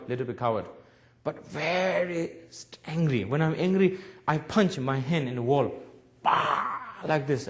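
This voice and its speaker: A man in his forties, a Buddhist teacher, giving a public talk in broken English and telling lively stories. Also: on the high side. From Nepal.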